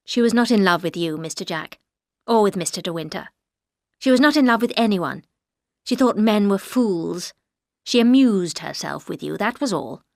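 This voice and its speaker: A woman's voice: mid-range voice, lively intonation, normal speed, creaky, no echo, clean studio sound. A woman voicing a cold, severe older housekeeper who speaks in a clipped way.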